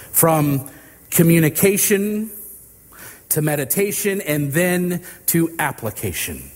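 A man preaching a sermon, slow and deliberate, with dramatic pauses between phrases. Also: on the high side, a little mellow, long reverb tail.

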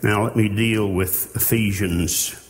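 A man preaching a sermon in a slow, earnest way, with halting restarts. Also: fairly low pitch, steady tone. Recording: long hall reverb.

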